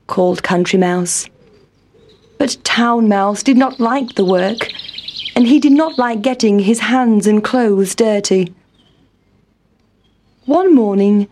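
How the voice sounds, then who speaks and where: A woman reading a children's story aloud in a calm, clear storytelling manner. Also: mid-range voice.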